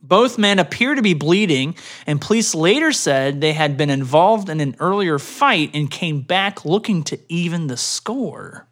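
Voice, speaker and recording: Bright-voiced man co-hosting a podcast. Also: expressive, a little slow, few pauses. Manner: bursts into loud high put-on chants and quotes, trails off quietly. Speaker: podcast co-host reading news stories. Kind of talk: casual podcast banter.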